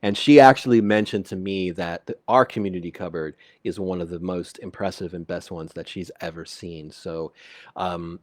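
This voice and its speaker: A man with a deep, steady voice hosts a live local community call-in radio show from his home computer, talking at a moderate pace. The recording is dry and studio quality. He chats casually, stammering, using lots of fillers and restarting as he reads listener comments and gives shout-outs.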